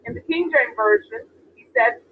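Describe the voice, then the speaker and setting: A woman's voice: high-pitched, big pitch swings, normal speed. A woman preaching a sermon, reading scripture aloud and asking the congregation questions. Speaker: apostle preaching. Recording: tinny phone-like sound with faint noise.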